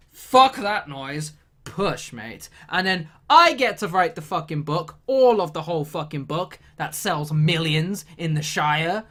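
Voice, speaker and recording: A woman's voice: medium pitch, a bit bright. A woman delivering a sweary, exasperated comedic rant.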